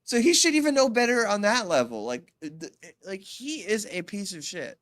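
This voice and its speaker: A woman co-hosting a podcast, chatting casually in an animated way, swearing and cutting in often. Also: mid-range voice. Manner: animated, swearing, quick interruptions. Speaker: podcast co-host. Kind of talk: casual chat.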